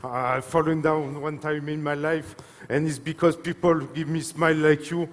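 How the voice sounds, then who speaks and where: A man with a French accent presents a product from a stage at a live event; his fairly high male voice carries a long reverb that rings through the large hall. Though his intonation stays fairly even, he comes across as emotional and hesitant, filling gaps with fillers and repeated apologies.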